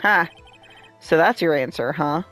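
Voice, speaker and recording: Woman reading game dialogue aloud, slow. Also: low-pitched, a bit bright, soft background music. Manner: reads all characters aloud, breaks off to laugh and comment. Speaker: let's play streamer reading a game aloud.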